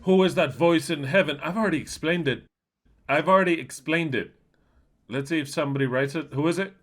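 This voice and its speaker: A man giving a livestreamed Bible teaching. He is emphatic and asks many rhetorical questions, swinging between loud and soft, with blunt, coarse asides. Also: on the high side, a little fast.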